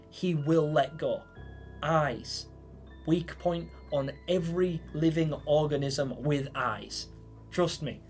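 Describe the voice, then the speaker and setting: A man from England chats through a live stream in a slightly higher voice. He rambles from one story to the next and reads out viewer comments. Now and then he bursts into loud, excited greetings. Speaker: livestream host. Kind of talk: casual live-chat stream.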